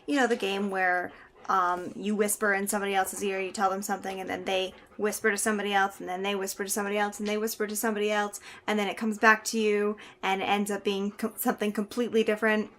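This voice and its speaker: A woman's voice: mid-range voice, little pitch movement, fast talker, a bit bright. A young woman from Canada telling a funny personal story to camera in a casual, chatty way, laughing now and then. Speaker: vlogger.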